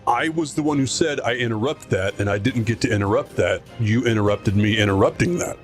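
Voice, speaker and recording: A man with a mid-range voice complaining about his turn in a tabletop game, in easy, joking banter. Soft music runs underneath. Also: medium pitch, fairly quick. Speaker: player. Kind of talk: casual tabletop game play.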